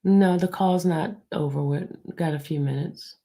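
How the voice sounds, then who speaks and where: A woman hosting a livestream, speaking low and hushed, near a whisper, and answering her viewers in a blunt, defensive way. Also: a little slow. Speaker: livestream host. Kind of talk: livestream talk answering the chat.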